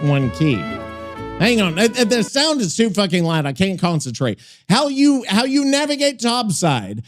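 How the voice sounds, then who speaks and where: A man's voice: high-pitched, huge pitch swings, unhurried. A man hosting a casual podcast, rambling and joking, swearing often and drifting off topic. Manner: joking, profane, easily sidetracked. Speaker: podcast host. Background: music and sound effects he plays.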